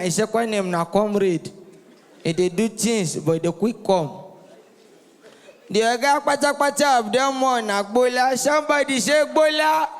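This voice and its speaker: High-voiced Nigerian man working a crowd. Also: big-room sound. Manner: rowdy, teasing, works the crowd with call-and-response. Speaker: stand-up comedian. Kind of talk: stand-up comedy set in Nigerian Pidgin. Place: live comedy venue.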